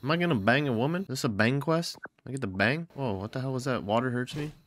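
A young man hosting a gaming channel, casually narrating his play with loud, profane, mocking reactions. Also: mid-range voice, quick pace. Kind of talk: casual let's-play commentary.

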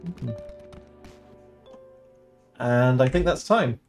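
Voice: medium pitch, extremely slow, soft background music. A streamer chatting playfully and commenting on the game while speedrunning. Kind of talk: casual chat while playing a game.

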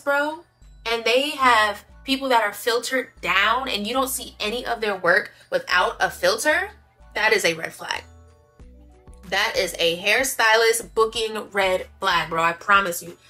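A woman's voice: fairly high pitch, a little slow, soft background music. A young adult woman telling a casual storytime, emphatic and slangy as she vents. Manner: animated, emphatic, slangy venting. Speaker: vlogger.

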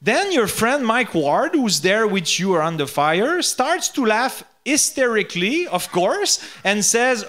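A man with a Quebec French accent, a native French speaker, reading a comedy bit aloud in English, halting and repeating words and often laughing at his own jokes. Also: high voice, very animated, a bit bright.

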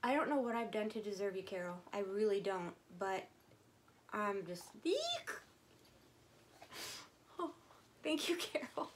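A woman vlogger chatting casually to her viewers as she unboxes items, gushing and excitable. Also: mid-range voice, measured pace, pauses often, background noise.

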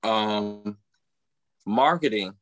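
A man's voice: fairly low pitch, very slow, no echo. A man co-hosting a podcast, talking casually. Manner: hesitant, hedging. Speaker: podcast co-host. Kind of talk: casual debate chat.

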